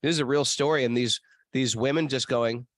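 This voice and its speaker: A man's voice: mid-range voice, steady tone, fairly quick, a bit bright, no room sound. A man hosting a podcast, telling stories in a casual, rambling way with lots of restarts and fillers. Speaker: podcast host. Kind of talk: casual storytelling chat. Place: travel spot near temples.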